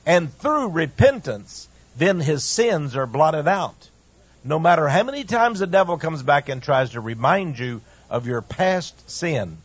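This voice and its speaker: A man preaching a radio sermon in an impassioned, emphatic way, with a husky voice. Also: fairly high pitch, big pitch swings, unhurried, no room sound. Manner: impassioned, emphatic, rising and falling.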